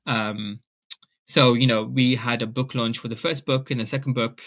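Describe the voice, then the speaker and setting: Young brit guy telling a story all animated, bright tense voice. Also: mid-range voice, normal speed. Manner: animated, acts out family members in quoted voices. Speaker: author guest. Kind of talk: storytelling in casual chat.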